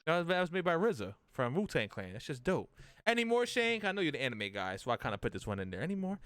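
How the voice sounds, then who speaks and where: A man's voice: a little high, wildly swooping pitch, quick pace, a bit bright, no room sound. A man hosting a casual podcast chat, swearing freely and laughing often, a little buzzed and complaining of a sore throat. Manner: loose and profane, laughs often. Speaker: podcast host.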